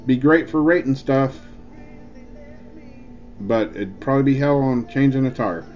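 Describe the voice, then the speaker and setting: A man's voice: medium pitch, a little slow. A man rambling through a casual, jokey vlog review, full of filler words. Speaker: e-juice reviewer. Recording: dull lo-fi with faint music.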